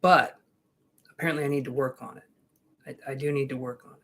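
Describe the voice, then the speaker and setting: A man's voice: mid-range voice, steady tone, a little fast, a bit bright. A man giving tarot readings on a live stream, chatting casually with viewers in a jokey, reassuring way. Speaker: tarot reader.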